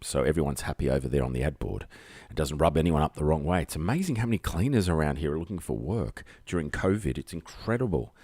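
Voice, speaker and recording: Talking into a desk mic at home, this Australian livestreamer rambles on his own, full of fillers and self-deprecating jokes. He speaks quickly in a rumbling low, husky voice with a darkish tone and lively intonation, and there's no echo.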